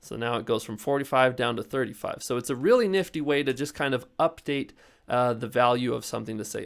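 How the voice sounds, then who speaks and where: A young man walks through a programming lesson in an easygoing, conversational way. He fills his explanations with "like" and "you know," and his voice sits at an ordinary middle pitch. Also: animated, brisk, gravelly, a bit bright. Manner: loose and chatty, heavy with fillers like "like" and "you know". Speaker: programming instructor. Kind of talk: casual screen-recorded coding lesson.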